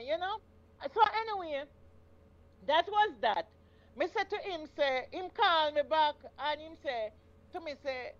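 A woman's voice: high-pitched, expressive, brisk, lo-fi sound. A woman in her fifties with a Jamaican accent, telling her story as a caller in an emphatic, casual way. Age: 50s. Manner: emphatic, repeats "you understand?".

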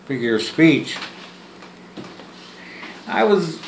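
A man vlogs his half of a phone call to camera, joking, rambling, restarting and repeating words, and poking fun at himself. His mid-range voice swings widely in pitch, and he speaks unhurriedly with frequent pauses. The recording sounds roomy, with faint ambience and slight background noise.

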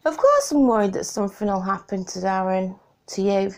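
A woman's voice: medium pitch, animated, fairly quick. A woman answering interview questions about her family at home, hesitant and full of ums, emotional at times. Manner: hesitant, many ums, emotional and laughing through tears. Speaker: interviewee, wife of the video maker.

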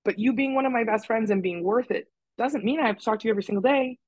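A woman's voice: a little high, fast talker, a little mellow, no room sound, lo-fi sound. A woman guesting on a podcast, talking candidly and critically about herself, with some swearing for emphasis. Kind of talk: candid conversational chat.

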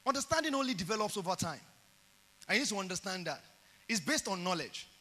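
A man's voice: high-pitched, fairly quick, in a large hall. A middle-aged Nigerian man preaching a sermon, telling stories animatedly and acting out the dialogue. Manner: animated storytelling, acts out dialogue.

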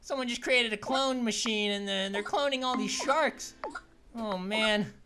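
A performer voicing an upbeat, goofy male cartoon grape who hosts a let's play with excitable, punning commentary and yelps. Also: mid-range voice, measured pace, noisy background, lightly acted. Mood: goofy excited. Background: background game music.

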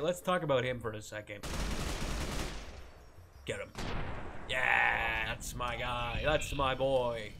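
Bright-voiced young man streaming a game. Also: medium pitch, slight background noise. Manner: rambling and self-deprecating, laughs often, swears, yelps at scares. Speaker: streamer playing a modded game. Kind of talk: casual gameplay commentary.

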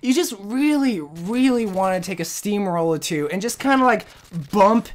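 A woman gaming commentator telling a storytime rant in a casual, slangy, animated way. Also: mid-range voice, normal speed.

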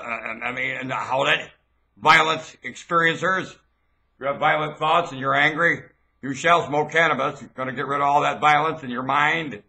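A man's voice: a little high, bright, forceful tone. A man rambling through proclamations into a webcam, spelling out words as he goes. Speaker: vlogger.

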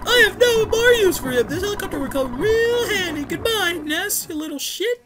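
A man's voice: extremely high pitch, expressive, moderate pace, voice pushed up. A man voicing a bratty boy villain who gloats in a shrieking, taunting voice, over game music. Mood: gloating.

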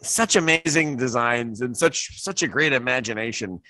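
A man's voice: mid-range voice, moderate pace, pushed and bright, no room sound, low-quality recording. A man speaking as a voice actor guest at a convention panel, joking and laughing often in casual chat.

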